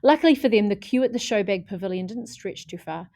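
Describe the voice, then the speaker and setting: A woman reading a children's chapter book aloud in a lively way, putting on voices for the characters. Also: mid-range voice, fast talker, no room sound, studio quality. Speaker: audiobook reader.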